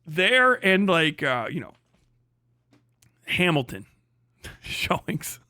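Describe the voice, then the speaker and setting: A young man rants on a livestream, crude and sarcastic, laughing between jabs. His voice is a little high, and it comes out bright and cutting. The mic is close and dry. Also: very animated, very slow, no room sound. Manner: crude, sarcastic, laughs often, answers chat. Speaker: livestream host. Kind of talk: profane ranting stream chat.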